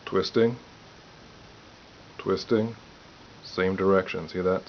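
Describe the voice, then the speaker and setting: Low-voiced man teaching piano. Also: a little slow, pauses often, a little hiss or hum. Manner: calm, explaining step by step while counting aloud. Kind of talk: piano lesson demonstration. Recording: dull lo-fi audio with loud piano.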